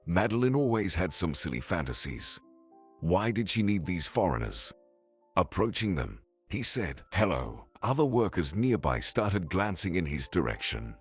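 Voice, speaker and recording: A man narrates a scripted story in a very deep, husky voice. He keeps a steady pace, and his pitch rises and falls in a lively way. Soft music plays quietly under him. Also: a little slow.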